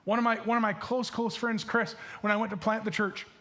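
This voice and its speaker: A man with a noticeably high voice preaches from a church stage in a loose, conversational style. His Michigan accent colors a talk packed with fillers and restarted phrases. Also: level tone, fairly quick, sharp tone. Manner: casual, filler-heavy with many restarts. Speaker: pastor. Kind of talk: sermon.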